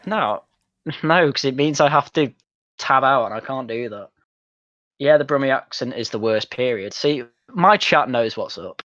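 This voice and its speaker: Muffled and free of room sound, this recording captures a young Mancunian gamer's blunt, sweary, mocking banter. He speaks at medium pitch and a moderate pace, expressive and a bit bright.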